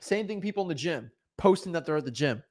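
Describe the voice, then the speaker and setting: A young man giving casual motivational advice as a real estate coach, animated, often repeating and restarting words. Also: a little high, fast. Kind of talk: casual motivational vlog talk.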